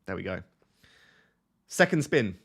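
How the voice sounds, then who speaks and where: A man's voice: low voice, sing-song, a little slow, gravelly, fairly bright tone, slightly rough. Chatty man live-streaming. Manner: chatty, self-mocking, laughs at himself. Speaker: fantasy football streamer. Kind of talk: casual live-stream chat.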